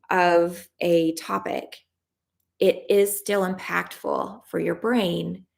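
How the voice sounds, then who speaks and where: Gravelly woman leading a tapping session. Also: lowish voice. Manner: soothing, affirming, encouraging. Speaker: EFT tapping practitioner leading a live session. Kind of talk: guided tapping script, then reading live chat. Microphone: livestream camera mic.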